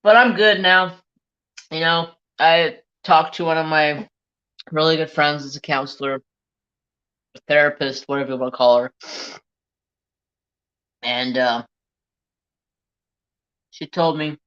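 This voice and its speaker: A man telling a personal story in a slow, halting, reflective way while he works on a craft. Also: a little high, steady tone, bright, forceful tone, muffled recording. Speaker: crafting vlogger.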